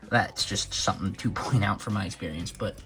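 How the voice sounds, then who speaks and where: A man's voice: low voice, a little fast, fairly bright tone, soft background music. A young man giving a casual toy review, rambling a little with many fillers and corrections of himself.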